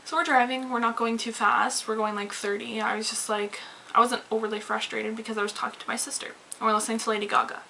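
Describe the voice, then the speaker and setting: Woman vlogger, bright higher voice, animated profane storytime rant, faint hiss. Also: fast talker, gravelly, low-quality recording. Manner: animated, swearing, rambling with many "like"s. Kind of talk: casual storytime rant to camera.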